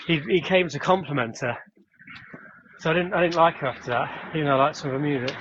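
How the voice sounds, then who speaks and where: A man's voice: a little high, fast talker. A man chatting casually with a friend while walking outdoors, telling a story eagerly. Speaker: friend on the stream. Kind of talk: casual chat. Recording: lo-fi phone stream with faint noise.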